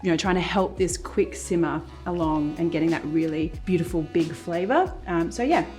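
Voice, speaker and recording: Woman cooking at the stove, chatty, talks thru every step, pan sizzling and soft music behind. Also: on the low side, lively intonation, normal speed. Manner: chatty, explains each step as she cooks. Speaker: cooking show host. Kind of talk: casual cooking demonstration. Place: home-style kitchen, cooking at the stove.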